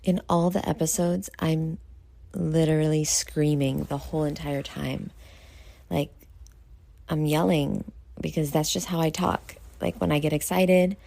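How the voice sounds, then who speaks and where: A woman from New York hosts a late-night vlog, tired and rambling through her thoughts with lots of fillers. Her voice sits low, with a gravelly, mellow tone. The sound is dry and close. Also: fairly even intonation, measured pace, dry recording. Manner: self-critical, rambling with many fillers. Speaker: show host.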